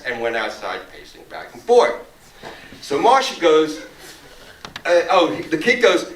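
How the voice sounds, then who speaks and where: A man's voice: fairly high pitch, very animated, moderate pace, sharp tone, slight background noise. A man telling a story at a discussion after a film screening, acting out the voices of the people in it. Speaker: panel speaker. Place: theater auditorium. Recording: echoey room, far from the mic.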